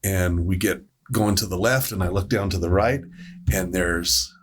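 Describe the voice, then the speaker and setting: A man who works as a paramedic, telling a story on a podcast panel in a casual, animated way, acting out the voices he quotes. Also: sits low, moderate pace, a little hiss or hum. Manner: animated storyteller, acts out quoted voices, laughs between lines.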